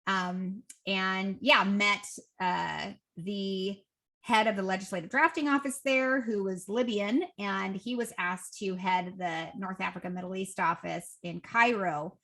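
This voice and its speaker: Podcast guest, woman, 40s, bright voice, lively storyteller who acts out the dialogue. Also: a little slow. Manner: lively, acts out quoted dialogue with raised pitch. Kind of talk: casual interview storytelling.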